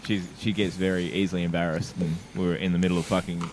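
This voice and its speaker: Low-voiced man, laughing storyteller. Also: level tone, quick pace, background noise. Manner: laughs often while telling stories. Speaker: podcast co-host. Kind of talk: casual storytelling chat.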